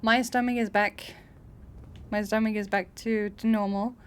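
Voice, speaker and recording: A woman's voice: mid-range voice, little pitch movement, unhurried, smooth. A woman streamer playing a game live, shrieking, swearing and laughing, then chatting with her viewers. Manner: chatty, reads and answers chat. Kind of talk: live gameplay commentary.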